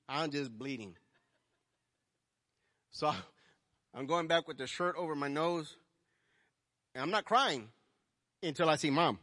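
Man preaching, swinging from quiet to loud. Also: on the high side, unhurried, pauses often. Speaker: pastor. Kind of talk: sermon. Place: church hall. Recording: long hall reverb.

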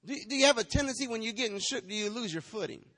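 A man's voice: high-pitched, lively intonation, racing, fairly bright tone, long reverb tail. A man preaching a sermon in a church, firing rhetorical questions, teasing the congregation and slipping into a sing-song chant.

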